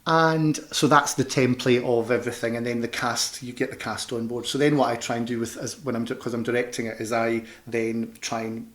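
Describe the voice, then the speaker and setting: A man's voice: mid-range voice, steady tone, a little fast, few pauses, fairly bright tone. A man with a Scottish Glasgow accent, a panto performer and director, chatting loosely in an interview with many restarts. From Scotland. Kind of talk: casual interview chat.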